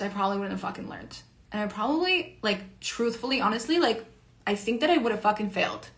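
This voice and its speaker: Speaking in a slightly high, somewhat bright voice, this woman rambles through a casual monologue as an online creator and educator. Profanity comes easily to her, and "like" turns up in nearly every sentence.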